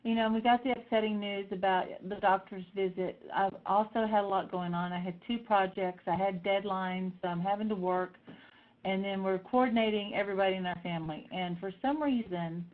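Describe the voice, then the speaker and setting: A middle-aged woman telling personal stories in a lively way, acting out the voices of the people she quotes. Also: mid-range voice, a little fast. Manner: animated, acts out voices in quotes. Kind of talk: personal storytelling talk. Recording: tinny phone-like sound.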